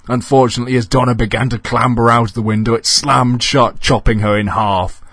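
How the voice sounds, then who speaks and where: Deadpan husky male storyteller. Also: mid-range voice, fairly quick, no room sound, clean studio sound. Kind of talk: comic horror story reading.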